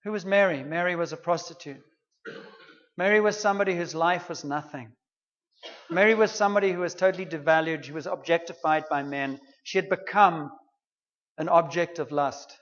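A man's voice: on the high side, normal speed, fairly bright tone, dull audio. A man preaching a sermon, retelling a story in an earnest, conversational way.

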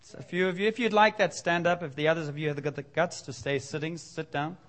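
Male preacher, high voice, lively sermon delivery with voiced dialogue and loud appeals. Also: fast, a little hiss or hum. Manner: animated preaching, voicing God and listeners, rising to loud exhortation. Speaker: pastor.

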